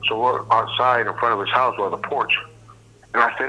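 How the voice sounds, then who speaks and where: Guy, middle aged, bright sharp voice, blunt street storytelling, swears a lot. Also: medium pitch, fairly even intonation, fairly quick, dull audio. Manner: blunt, profane, streetwise, repeats "you know what I mean". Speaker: host. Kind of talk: casual storytelling.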